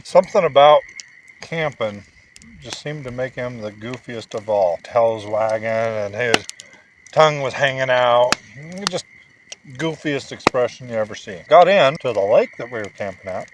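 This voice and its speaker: A man telling his child a playful, animated bedtime story and chatting through a camping vlog outdoors at a lakeside campsite. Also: medium pitch, noisy background. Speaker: father and vlog host.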